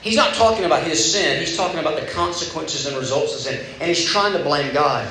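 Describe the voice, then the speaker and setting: At a retreat, a young preacher gives his sermon in a large, echoey room with faint background noise, chatting conversationally and performing the voices he quotes. He's fairly high-pitched and fairly quick, with a pushed, bright sound.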